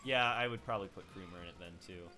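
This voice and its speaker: A man's voice: low-pitched, fast talker, bright, forceful tone, soft background music. A man streaming a game, chatting casually and laughing often.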